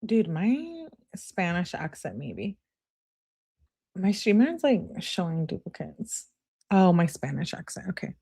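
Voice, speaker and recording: Woman reading texts out loud real slow, sassy, laughing and talking back at them. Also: lowish voice, big pitch swings, creaky, breathy edge. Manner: sassy, laughs and talks back to what she reads. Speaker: host reading text messages. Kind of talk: casual commentary reading texts aloud.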